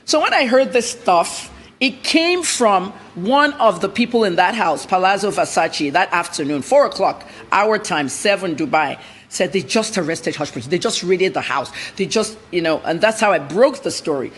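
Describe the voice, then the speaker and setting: A woman's voice: fairly low pitch, animated, moderate pace, a little hiss or hum. A woman journalist answering interview questions in a blunt, emphatic way.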